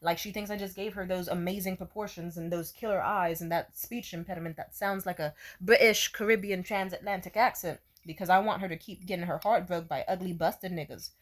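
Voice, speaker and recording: A woman's voice: lowish voice, steady tone, brisk, hardly any pauses. Frank, rambling young woman venting. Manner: frank, profane, rambling with many fillers. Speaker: vlogger. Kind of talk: casual storytime venting.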